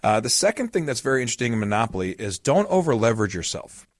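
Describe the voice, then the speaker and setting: A man's voice: mid-range voice, very animated, quick pace, no echo, clean studio sound. A man hosting a podcast as a retirement coach, explaining in a casual, storytelling way with everyday examples.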